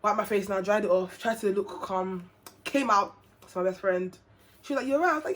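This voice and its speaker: A woman's voice: medium pitch, brisk. Chatty young woman vlogger. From England. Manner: chatty, animated, acts out quoted dialogue. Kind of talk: casual storytelling to camera.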